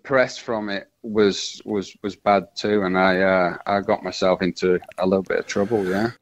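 A man, telling his story as a radio interview guest, halting and full of restarts. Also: low-pitched, fairly even intonation, no echo, muffled recording.

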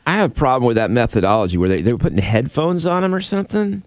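A man's voice: mid-range voice, sing-song, racing, no echo. A man co-hosting a radio talk show in casual chat, dry and skeptical.

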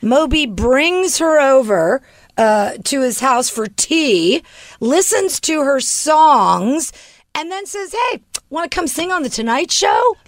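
A bubbly woman hosts, her high voice swooping up and down with lively pitch. She asks eager questions and laughs often. The sound is dry and close. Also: slow, no echo. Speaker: radio host. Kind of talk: casual interview.

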